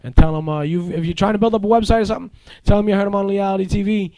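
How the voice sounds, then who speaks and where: A man's voice: sits high, steady tone, racing, a little mellow, no echo. A man hosting a show, chatting loosely and joking through sponsor plugs. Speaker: host. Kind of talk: casual chat and read sponsor plug.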